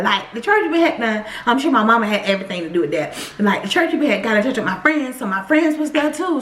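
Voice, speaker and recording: A woman telling her own story to viewers in a casual, animated way, often speaking to them directly. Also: high voice, a little hiss or hum. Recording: echoey room.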